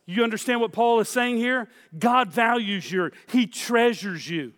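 A man preaching a sermon in a high, light voice, pressing his points with repeated phrases and speaking straight to the congregation. His words ring out with a long reverb in a large hall. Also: lively intonation, a little slow, hardly any pauses, a bit bright. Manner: emphatic preaching with repeated phrases and direct address. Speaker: pastor.

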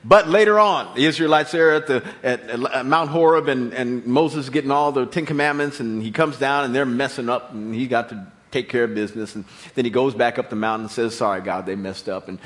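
A man preaching a sermon, telling the story with animated delivery, acted-out voices and repeated words. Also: medium pitch, fairly quick, few pauses.

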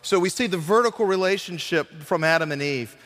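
Earnest preacher in a reverberant hall. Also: male voice, high-pitched, a bit bright. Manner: earnest, dramatic delivery with acted quotes and slowed emphasis. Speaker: guest preacher. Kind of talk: sermon.

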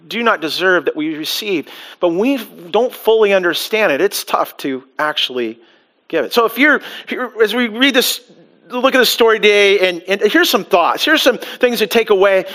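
Animated, bright-voiced male preacher. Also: sits high. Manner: animated preaching with rhetorical questions and acted-out quotes. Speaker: pastor. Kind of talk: sermon.

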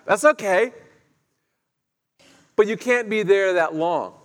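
A man's voice: high voice, slow, fairly bright tone. A man preaching a sermon in a conversational way, asking his listeners questions as he retells the story. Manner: conversational, asks the congregation questions. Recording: echoey hall, long reverb.

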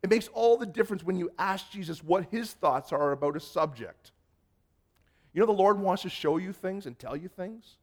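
Animated male preacher, swinging loud to hushed. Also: high-pitched, normal speed. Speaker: pastor. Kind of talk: sermon with personal stories.

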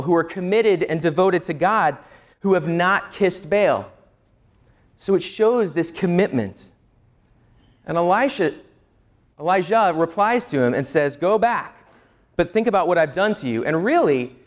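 A male pastor preaching a sermon, teaching earnestly and asking the listeners rhetorical questions. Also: high voice.

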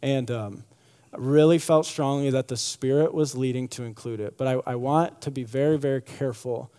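A man's voice: mid-range voice, normal speed, warm tone, clean tone. Casual preacher man in a reverberant hall. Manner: conversational, many fillers and restarts. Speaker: pastor. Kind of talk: sermon.

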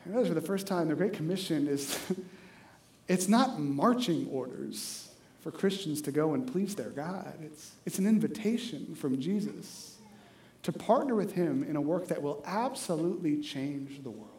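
Guy preaching in an echoey church, animated storyteller, kinda high voice. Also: normal speed. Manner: animated, acts out dialogue, jokes with the congregation. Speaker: pastor. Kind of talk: sermon with storytelling.

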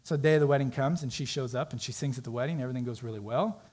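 A man preaching a sermon in a dark, mellow voice with a husky edge. He tells a story in a conversational way, slipping into the voices of its characters as he goes. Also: medium pitch, rapid-fire.

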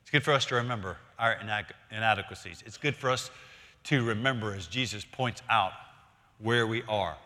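A man's voice: fairly low pitch, brisk, pushed and bright, long reverb tail. A middle-aged male pastor preaching a sermon in a conversational, storytelling way, asking the listeners questions.

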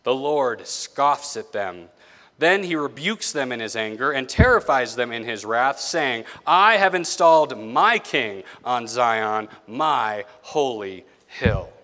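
A man's voice: medium pitch, lively intonation, slow, bright, forceful tone. A man in his thirties, a pastor giving a conversational sermon and asking the congregation questions. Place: church sanctuary. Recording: long reverb of a church hall.

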